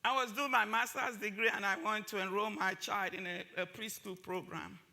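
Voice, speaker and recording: At a summit, a woman delivers an impassioned, emphatic talk, repeating phrases to drive her points home with force. Her medium-pitched voice is steady, creaky, pushed and bright, at a moderate pace.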